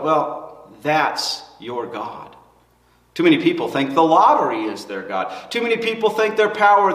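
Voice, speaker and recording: High-voiced male pastor preaching in an echoey hall. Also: a bit bright. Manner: earnest preaching with rising emphasis and restarts. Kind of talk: sermon. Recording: echoey hall, mic far off.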